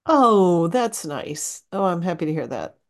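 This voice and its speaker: A woman's voice: on the low side, very animated, measured pace. A woman co-hosting a podcast in casual chat, playful and teasing. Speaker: podcast co-host.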